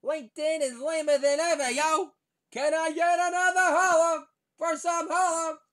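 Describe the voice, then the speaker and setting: A man impersonating a brash young male rapper in a squeaky high voice, shouting slang. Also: flat delivery, moderate pace. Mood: hyped.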